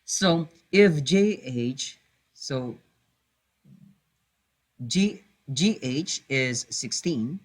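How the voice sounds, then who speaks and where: A man's voice: medium pitch, lively intonation, extremely slow, long pauses. A man teaching a math lesson, hesitating with many fillers, correcting himself and patiently repeating key points.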